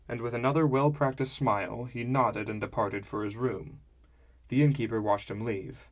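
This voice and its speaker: A man narrating a fantasy audiobook in the first person, in a measured storytelling manner. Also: fairly low pitch, steady tone.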